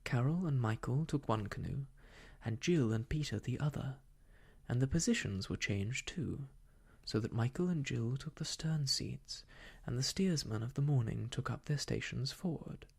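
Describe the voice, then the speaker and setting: A storyteller reading an old children's book aloud softly as a whispered role-play for sleep. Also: mid-range voice, lively intonation, vocal fry, slightly rough. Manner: soft, slow bedtime reading.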